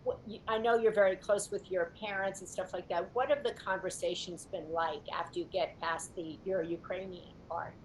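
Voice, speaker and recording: Measured woman interviewer, lower-pitched. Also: fairly even intonation, a little mellow, a little hiss or hum, rough recording. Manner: measured, probing questions. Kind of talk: interview questions.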